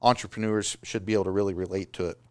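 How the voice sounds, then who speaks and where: A man's voice: sits low, racing, smooth, no echo, clean studio sound. A man who owns a small business, giving casual motivational advice and now and then putting on mocking voices. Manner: animated, does mocking voices of excuses.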